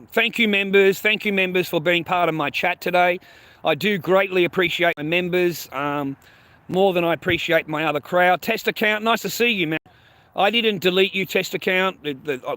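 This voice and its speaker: A man's voice: high-pitched, moderate pace, bright, forceful tone. A man hosting a livestream, ranting bluntly and profanely at his chat, repeating himself and calling viewers mate and bro. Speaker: livestream host. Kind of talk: casual livestream rant to chat.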